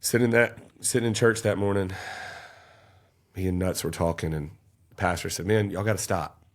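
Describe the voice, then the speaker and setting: Low gravelly man telling his story. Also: steady tone, normal speed. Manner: intense, emotional storytelling, raising his voice at peaks. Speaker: podcast guest. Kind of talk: storytelling in a podcast interview.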